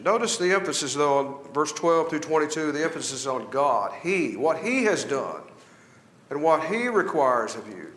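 Male Bible class teacher, slightly high voice, reads scripture and quizzes the room, echoey recording. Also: big pitch swings, moderate pace, a bit bright. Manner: asks the class questions, then answers them himself. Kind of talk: Bible study lesson, reading scripture aloud.

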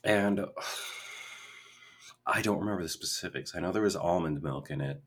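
A young man with a low, husky voice chats loosely as a podcast co-host. He wanders off on tangents and fills gaps with "like" and "you know." He is from Minnesota. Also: unhurried, fairly bright tone. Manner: rambling, full of tangents and fillers. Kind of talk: casual chat.

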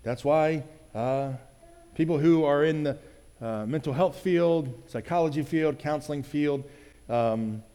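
A man's voice: fairly high pitch, unhurried, mellow, smooth, big-room sound. A male pastor giving a conversational sermon, often checking in with "right?" and acting out quoted lines in other voices.

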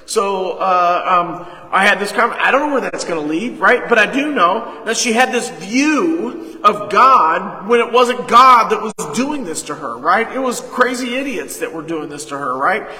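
A man preaching a sermon as pastor, leading call-and-response and retelling a conversation, with sudden loud emphasis. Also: sits high, expressive, moderate pace. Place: church sanctuary. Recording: echoey hall reverb.

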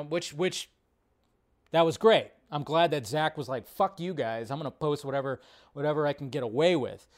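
A man hosting a casual livestream, reacting to posts in an excitable, profane, rambling way with many restarts. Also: fairly high pitch, clean tone, dry recording, clean studio sound. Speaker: livestream host.

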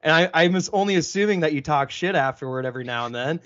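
A man's voice: a little high, expressive, fast talker, a bit bright. A man hosting a casual interview, an ex-football player who asks long, eager, rambling questions. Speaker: podcast host, former football player. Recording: dull lo-fi sound.

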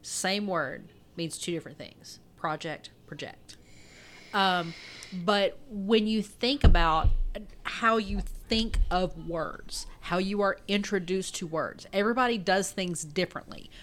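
A woman's voice: mid-range voice, a little slow, a bit bright, slight background noise. A young adult woman co-hosting a podcast, rambling through a casual chat, laughing often and restarting her sentences. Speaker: podcast co-host.

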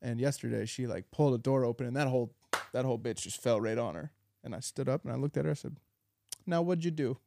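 A young man co-hosting a podcast in casual chat, easygoing and quick to agree. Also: mid-range voice, creaky, dark tone. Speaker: podcast co-host.

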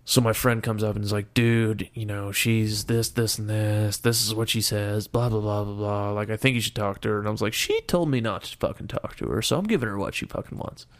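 A man's voice: fairly low pitch, level tone, brisk, few pauses. A young man casually retelling a story in a profane, exasperated way. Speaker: storyteller guest.

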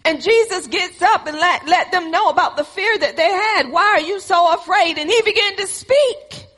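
High-voiced preaching woman in a hall. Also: expressive, moderate pace, fairly bright tone. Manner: emphatic, call-and-response preaching with repetition. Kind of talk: sermon. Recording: reverberant hall.

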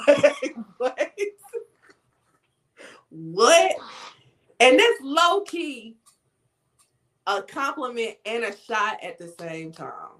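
A woman's voice: on the high side, very animated, very slow, long pauses, fairly bright tone. A woman co-hosting a podcast, giving emphatic, profane commentary in a casual chat. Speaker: podcast co-host.

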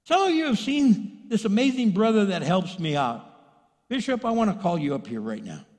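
Preacher guy telling stories, acts out the lines, kinda high voice, big echoey hall. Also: moderate pace. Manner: animated, storytelling with acted-out dialogue and laughs. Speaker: pastor. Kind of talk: sermon. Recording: long hall reverb.

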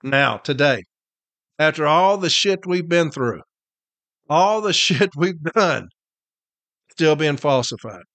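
A tired, irritated man with a drawl rants on his podcast, blunt and profane, pounding each point again and again. His voice sits fairly high for a man. The recording is close and dry, with no room sound. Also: expressive, slow, pauses often, fairly bright tone, dry recording. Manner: blunt, heated, profane, repeats points for emphasis. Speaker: podcast host and union representative. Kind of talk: casual profane rant.

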